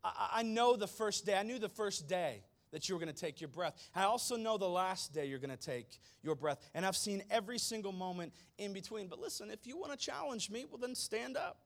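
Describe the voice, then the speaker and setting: A man preaching a sermon in an animated, conversational way, dropping slangy asides. His voice sits fairly high for a man. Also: fairly quick, gravelly, few pauses.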